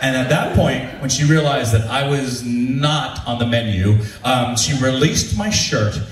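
A man, an actor, telling a comic convention story live on stage and acting out the people in it. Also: measured pace. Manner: animated, acts out quoted voices with big pitch jumps. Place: large room with a live audience, from far off. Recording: echoey room, distant mic, faint ambience.

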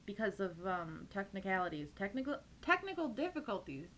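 A woman's voice: medium pitch, big pitch swings, a little fast, a little hiss or hum. A young woman hosting a game playthrough, giggling and rambling emotionally as she comments. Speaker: gaming video host. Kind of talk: let's play commentary. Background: loud game music.

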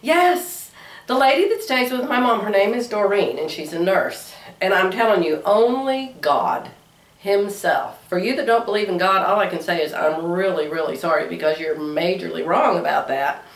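A middle-aged woman vlogging in casual chat, chatty and giggly, her voice still slightly hoarse. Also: mid-range voice, normal speed, distant mic. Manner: chatty, giggly, with playful squeals. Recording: echoey room, away from mic.

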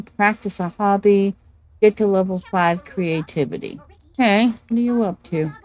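A woman's voice: mid-range voice, a little mellow, low-quality recording. A woman giving casual commentary over her gameplay, talking to her game characters like a fussing mom. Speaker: gameplay video creator.

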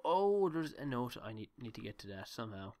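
A man's voice: mid-range voice, big pitch swings, brisk, a little mellow, a little hiss or hum. A man giving joking, rambling commentary while playing a horror game, talking to himself. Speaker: let's play gamer. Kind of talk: gameplay commentary.

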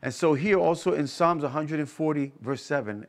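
A man delivering a sermon in a fairly high speaking voice. He preaches with strong emphasis, repeats his key phrases and checks in with the listeners by asking whether they hear him. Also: normal speed, hardly any pauses. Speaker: pastor.

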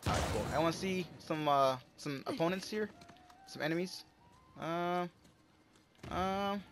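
A man giving casual gameplay commentary, excitable and swearing often, yelping when he comes under fire. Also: sits high, a little slow, long pauses, noisy background. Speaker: gamer. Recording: game gunfire loud under the voice. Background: gunfire and explosions from the game.

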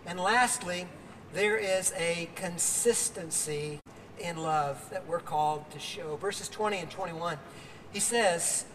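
A man's voice: sits high, slow pace, a bit bright, in a large hall, recorded from a distance, a little hiss or hum. An older man preaching a sermon outdoors as pastor, earnest, with fillers and restarts.

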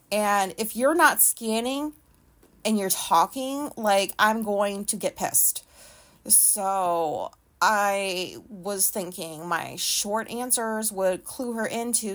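A woman hosting a solo podcast, telling a rambling, profane story in an animated way. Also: mid-range voice, slow. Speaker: podcast host.

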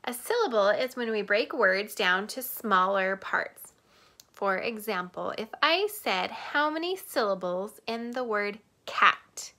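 A woman teacher giving a lesson to young children, sing-song, clapping out words slowly. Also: medium pitch, animated, sharp tone.

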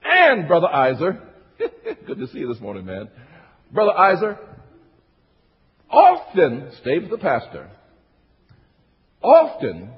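A man's voice: high voice, wildly swooping pitch, slow, pauses often. A male pastor preaching a sermon to his congregation, working the room with repeated phrases and call-and-response. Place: church sanctuary. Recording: echoey church hall, dull lo-fi sound.

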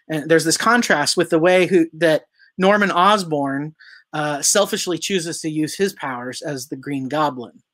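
A pastor preaches in a relaxed, conversational way. The sermon is full of questions put to the listeners, with the odd filler and self-correction along the way. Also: mid-range voice.

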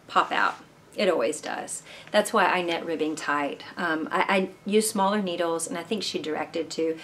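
A woman with a fairly low voice chats casually to camera about her knitting, rambling from one thought to the next and asking her viewers what they think. She is recorded at home on a camera mic with a faint hiss of room noise behind her. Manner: chatty, rambling, asks viewers questions. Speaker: knitting podcast host. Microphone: camera mic, moving handheld camera.

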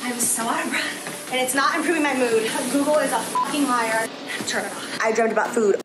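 A woman's voice: on the high side, fairly quick, very noisy. A woman vlogging in a gushing, confessional way, emphatic about how she feels. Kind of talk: personal vlog talk.

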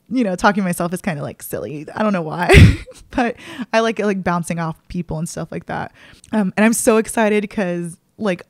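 A woman's voice: medium pitch, a little mellow, dry recording, studio quality. A young adult woman hosting her own podcast in casual solo chat, talking in an open, emotional way with many fillers. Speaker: podcast host.

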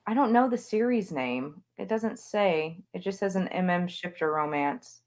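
A woman's voice: on the low side, lively intonation, moderate pace. A woman author chatting as an interview guest, talking with gushing enthusiasm about books she loves. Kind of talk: casual interview chat.

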